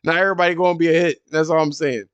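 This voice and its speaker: A man with a fairly high, smooth and resonant voice hosts a casual gaming podcast. He tells stories in an animated, profane way and leaps up in pitch when quoting others. The sound is dry and close. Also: very fast, no room sound, muffled recording. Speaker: podcast host.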